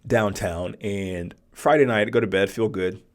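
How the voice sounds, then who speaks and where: A man's voice: fairly low pitch, moderate pace. Man in his forties telling a story. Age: 40s. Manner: conversational, often asks "right?". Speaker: podcast host. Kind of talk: personal storytelling monologue.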